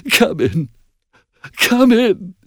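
A man's voice: a little high, sing-song, unhurried, creaky, fairly bright tone, no echo, clean studio sound, pitched above the performer's own voice, exaggerated voice. A man voicing a tormented, volatile master of the house in a storybook reading, in a strained raised voice. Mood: sobbing.

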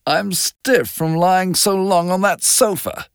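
A man's voice: sits high, animated, normal speed, no echo, clean studio sound, pitched above the performer's own voice. A man reading aloud, voicing a bored, aloof young sportswoman with a languid, superior manner.

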